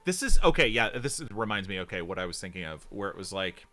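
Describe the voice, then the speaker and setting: A man's voice: lowish voice, big pitch swings, fast, pushed and bright. A man co-hosting a casual chat about a tabletop game, rambling and trailing off, laughing often. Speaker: podcast co-host.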